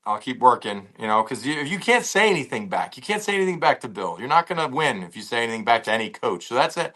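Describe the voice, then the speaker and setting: Ex football player guy, 40s, bright voice, loose storytelling, does the quotes. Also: medium pitch, fast talker, low-quality recording. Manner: relaxed storyteller who acts out quoted exchanges. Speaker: former pro football player, guest. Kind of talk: interview storytelling.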